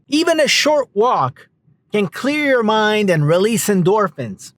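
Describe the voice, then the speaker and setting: Animated coaching man, high and lively. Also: a little slow, slight background noise. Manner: coaching, directive, addresses viewers as folks. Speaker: self-help coach. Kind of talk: motivational talk to camera.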